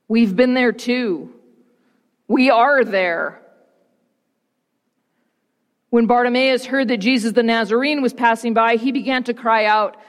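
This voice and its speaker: A woman pastor preaches in a church with slow, rhythmic repetition and dramatic pauses. Her voice sits fairly high. A long, echoey hall reverb trails her words. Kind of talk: sermon and gospel reading.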